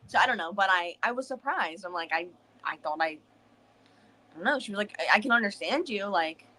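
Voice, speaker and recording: A woman's voice: fairly low pitch, lively intonation, brisk, bright, forceful tone. A woman co-hosting a book club stream, rambling casually with restarts and a slight Southern turn of phrase. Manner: rambling, restarts, many fillers.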